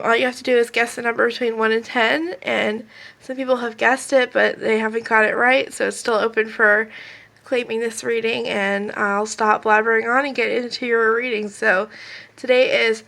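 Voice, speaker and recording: A woman's voice: on the high side, vocal fry, sharp tone, poor audio. Stuffy-nosed woman doing a chatty tarot reading. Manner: chatty, rambling, talks straight to viewers. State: stuffed up, sniffly nose. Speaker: tarot card reader. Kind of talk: casual pick-a-card tarot reading. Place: at home with kids and a puppy nearby.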